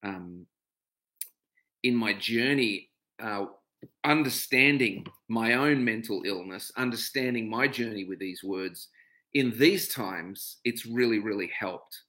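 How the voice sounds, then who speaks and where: Taking things slowly in a fairly low-pitched voice with a sharp tone, a middle-aged man with an Australian accent hosts a casual livestream at home. After chatting and naming viewers in greeting, he turns reflective and speaks openly about what he has been through.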